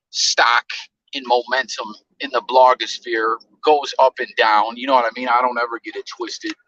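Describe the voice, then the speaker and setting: A man's voice: mid-range voice, sharp tone, no room sound, dull audio. Slangy, profane man hosting a stream. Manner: loose, profane storytelling with slang. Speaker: live-stream host. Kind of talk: casual live-stream chat.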